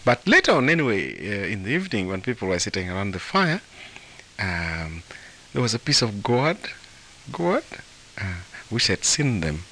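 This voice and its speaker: A man from Africa, an author and translator of folktales, telling a story in an interview in an animated way, chuckling and repeating words. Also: fairly low pitch, moderate pace, slight background noise.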